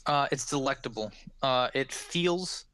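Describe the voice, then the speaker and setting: A man narrating as game master of a tabletop game, animated and rambling. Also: mid-range voice, unhurried, no room sound.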